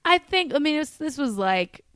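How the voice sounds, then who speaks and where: A woman in her early thirties, a comedian guest, talking casually with quick asides and frequent laughter. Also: high voice, sing-song, dry recording, clean studio sound. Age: early 30s.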